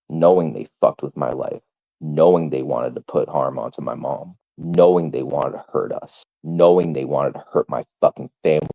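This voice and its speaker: A man's voice: very deep voice, creaky, dark tone. A man livestreaming an angry, profane rant, hammering the same insults over and over.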